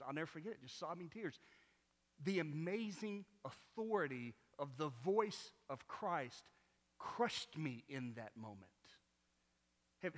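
A man preaching a sermon as pastor, moving between quiet, conversational teaching and loud, impassioned appeals. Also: a little high, long reverb tail. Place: church sanctuary.

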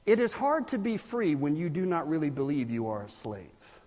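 A man from South Carolina, preaching a sermon as pastor and building to loud, emphatic bursts. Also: a little high, big pitch swings, normal speed. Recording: reverberant hall.

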